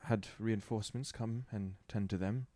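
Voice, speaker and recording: A man with a very deep voice, recorded close and dry with no room sound around him. He plays his character in a tabletop game and answers in hesitant, halting phrases. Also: steady tone, dark tone, no room sound. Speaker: player.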